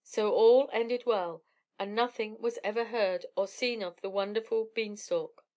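A woman narrating a classic fairy tale in a measured, even storybook reading. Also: medium pitch.

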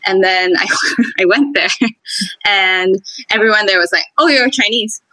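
A woman from Singapore sharing her experiences in a casual chat, telling stories in a lively, expressive way. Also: mid-range voice, measured pace, no room sound, rough recording. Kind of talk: casual conversation.

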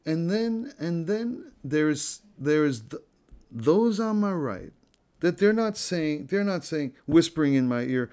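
A man's voice: on the high side, expressive, darkish tone, clear, resonant tone. A man giving an informal, earnest spoken reflection on a scripture story, often repeating phrases and restarting his sentences. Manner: earnest, unhurried, conversational.

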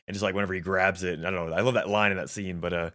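Man, low voice, rapid delivery, enthusiastic, rambling, casual film chat. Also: steady tone, a bit bright. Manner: enthusiastic, rambling with many fillers.

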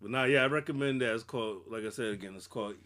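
A man's voice: medium pitch, very fast, fairly bright tone. A man co-hosting a podcast, chatting casually about hip hop, swearing and trailing off into mumbles. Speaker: podcast co-host.

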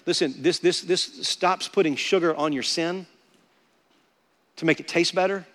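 Man, pastor preaching, high voice, sharp bright tone, emphatic, echoing hall. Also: normal speed. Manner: emphatic preaching, repeats words for stress. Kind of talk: sermon.

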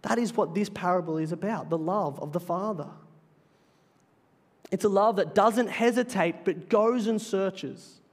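A man with a noticeably high voice delivers a sermon from the pulpit. He is earnest and emphatic, drawing out key phrases slowly for weight. His words ring out with a long, lingering reverb, as in a large church sanctuary. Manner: earnest, emphatic preaching with slow deliberate phrases. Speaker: pastor.

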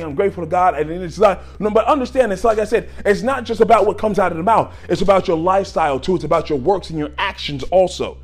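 A man preaching a sermon on gratitude in an exhorting way, moving from low talk to loud shouts.

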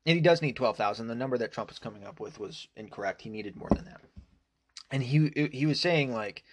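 A man's voice: mid-range voice, animated, quick pace. A man delivering an angry, profane political rant, full of fillers and restarts. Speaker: political commentator.

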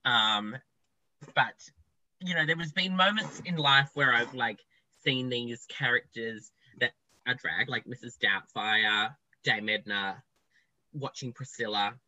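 A young man, a podcast guest, telling his story in a candid, animated way with casual swearing. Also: mid-range voice, slow pace, no echo, rough recording.

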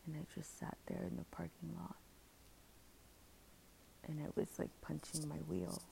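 Woman, low husky-fry voice, candid storytelling, halting, goes almost whispery sometimes. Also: level tone, warm tone, a little hiss or hum. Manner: earnest and halting, drops to near-whisper at times. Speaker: storyteller sharing a personal experience.

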